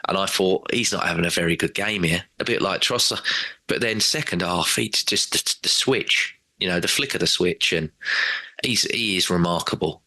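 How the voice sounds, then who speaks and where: A man talking football as a regular on a casual podcast, animated and rambling, often acting out quotes in other voices. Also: sits low, normal speed, dry recording.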